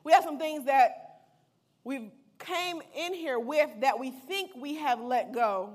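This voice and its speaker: A woman with a high voice preaches in a relaxed, conversational way. She reads the Bible passage aloud, then retells it playfully in everyday slang. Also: takes it slowly. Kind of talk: casual sermon with Bible reading.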